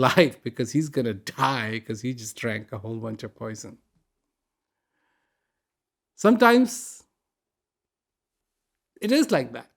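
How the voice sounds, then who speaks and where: An older man giving a reflective broadcast talk, unhurried and conversational, with asides and soft laughs while he tells a joke. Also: a little high.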